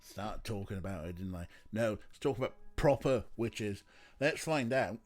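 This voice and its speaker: Rambling low-voiced male streamer. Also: animated, normal speed, faint music behind. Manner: rambling, chatty, lots of fillers. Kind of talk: casual let's play chat.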